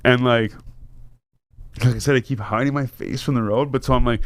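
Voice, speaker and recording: A man hosting a podcast, telling a wild story in a casual, animated way with lots of swearing and laughter. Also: mid-range voice, brisk, dry recording. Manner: animated, laughing, swears a lot, acts out voices. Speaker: podcast host.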